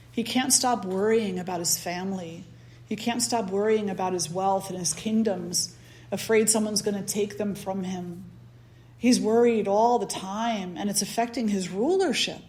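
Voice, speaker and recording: A woman spiritual teacher speaking in an unhurried, calm way during a satsang. She tells stories and leads a gentle guided meditation, with a voice in an ordinary middle range. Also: medium pitch.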